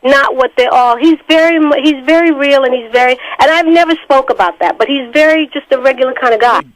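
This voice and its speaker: Woman, high voice, fond, emphatic, talk show guest. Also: a little fast, low-quality recording.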